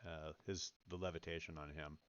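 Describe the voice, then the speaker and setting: Man, tabletop player, relaxed, apologetic, dull audio. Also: a bass voice, a little fast. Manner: laid-back, apologetic, laughs easily. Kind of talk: tabletop role-play, casual. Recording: dull dry online mic.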